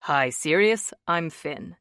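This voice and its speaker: A woman reading an audiobook, voicing a gentle, playful young husband in a lowered voice. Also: animated, slow pace, smooth, dry recording, studio quality, exaggerated voice. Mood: teasing. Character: tender joking young husband, man. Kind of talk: audiobook character voice.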